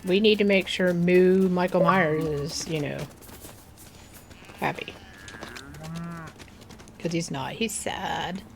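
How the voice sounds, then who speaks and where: A gaming video creator gives casual commentary in a low, steady voice with vocal fry, cooing at the game's animals and sometimes slipping into a near-whisper. She speaks slowly and without hurry, and there's a little hiss or hum in the recording.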